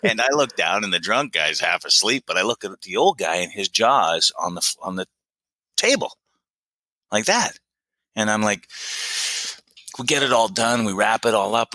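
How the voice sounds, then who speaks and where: A middle-aged man from Canada tells recovery stories as a podcast guest, with a low voice that leaps around with animation. His tone is bright and forceful. The sound is dry and close. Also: a little fast, no echo, low-quality recording. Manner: animated, excitable storyteller. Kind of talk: recovery story conversation.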